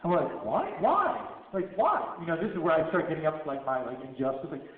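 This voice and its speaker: A man tells a story to a live audience and acts out each exchange in lively voices. His voice sits high for a man. The sound is thin and phone-like, with heavy room echo and a long reverb tail. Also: quick pace. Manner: animated storyteller acting out dialogue. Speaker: speaker at a Q&A. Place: skate shop. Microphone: cell phone from the audience. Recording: tinny phone recording in an echoey room.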